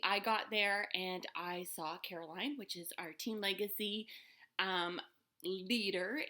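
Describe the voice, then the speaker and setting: A woman's voice: mid-range voice, bright, forceful tone. A woman telling a personal story to the camera in a casual, rambling way, with lots of fillers and restarts.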